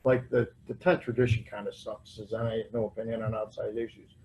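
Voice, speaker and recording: A man's voice: lowish voice, flat delivery, a little fast, a little mellow, slight background noise, poor audio. A man speaking at a recovery convention, sharing his personal story in a loose, self-mocking way. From United States. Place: convention hall.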